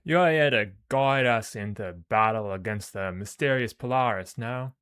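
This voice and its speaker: A man's voice: mid-range voice, normal speed, fairly bright tone, clean tone, lightly acted. A man doing a proud alien warrior commander. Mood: formal. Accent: mock Australian. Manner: clumsy put-on accent, formal military speech. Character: older tattooed male alien warrior commander, proud and honorable.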